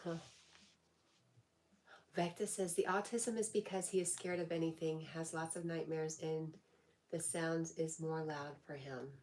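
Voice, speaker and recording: A woman's voice: low voice, steady tone, unhurried, pauses often, a little mellow, slight background noise. A woman hosting a casual livestream, reading viewer comments aloud and answering them in a chatty way. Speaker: livestream host. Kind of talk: casual live chat.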